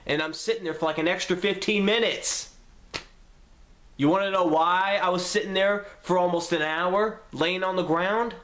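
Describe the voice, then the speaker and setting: A young man telling a story to the camera in a casual, profane way, acting out his own lines with sudden jumps in pitch. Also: normal speed, fairly bright tone, a little hiss or hum. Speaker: vlogger.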